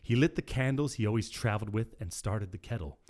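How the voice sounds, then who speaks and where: A man co-hosting a podcast, reading a piece of fan fiction aloud in an expressive storytelling way. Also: lowish voice, quick pace. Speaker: podcast co-host.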